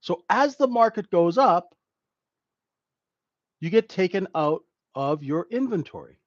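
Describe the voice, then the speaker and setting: A man's voice: high voice, big pitch swings, a little slow, dry recording, highs cut off. A man teaching a live trading class in a conversational way, who keeps checking in with "right?". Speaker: trading instructor.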